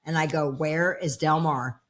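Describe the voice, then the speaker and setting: A woman's voice: low-pitched, fairly even intonation, a little slow. A woman in her fifties, a personal development coach, telling her story in a casual interview at home and acting out the dialogue. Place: home with dogs around.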